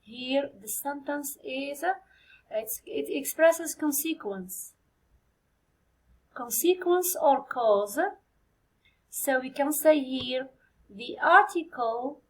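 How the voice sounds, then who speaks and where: High-voiced Algerian teacher woman. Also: animated, rough recording. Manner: spells and counts out answers slowly for students. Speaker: English teacher. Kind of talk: exam review lesson, code-switching with Arabic.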